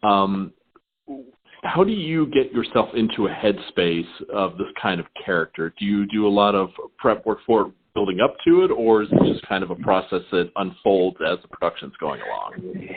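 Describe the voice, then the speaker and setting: A Southern American man with a lowish, husky voice asks long, halting questions, circling back and restarting as he goes. The sound comes through a thin, tinny phone line. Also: lively intonation. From southern United States. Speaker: interviewer. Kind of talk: casual interview questions. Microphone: phone call.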